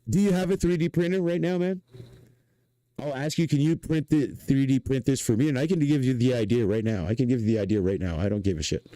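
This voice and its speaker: Québécois guy streaming from home: dark, mellow voice, excitable rambling, swears a lot, dry sound. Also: medium pitch, no echo, poor audio. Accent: Québécois French. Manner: rambling, excitable, profane, repeats himself. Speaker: livestreamer and inventor. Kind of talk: casual livestream rant.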